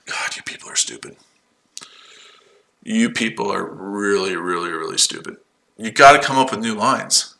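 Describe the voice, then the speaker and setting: Hosting a day-trading livestream from his shed, this man hits back at chat viewers with sarcastic, profane retorts, combative and mocking throughout. His voice is medium-pitched with a sharp tone, and the recording quality is low.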